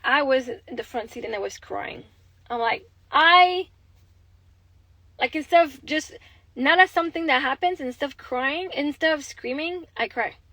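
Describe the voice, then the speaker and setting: The rough, dry recording catches a young adult woman's high, bright, forceful voice. She is a Québécois mother from Quebec, rambling candidly and swearing freely while chatting on her phone livestream.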